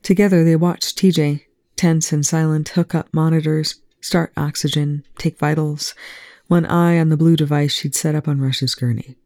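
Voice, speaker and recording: A reader giving even, measured narration of a fan fiction audiobook. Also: mid-range voice, no echo, studio quality.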